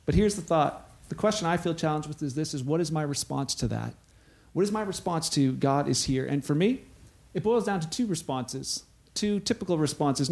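Middle-aged male pastor, high-pitched, animated storyteller in a sermon. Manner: animated storytelling, acting out quoted voices.

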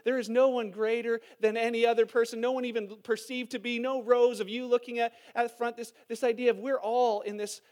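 A man with a strikingly high voice preaches to his congregation in church. He talks in a lively, conversational way, asking the room questions and telling humorous family stories. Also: fairly quick, hardly any pauses. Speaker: pastor. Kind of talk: sermon. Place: church hall before a congregation.

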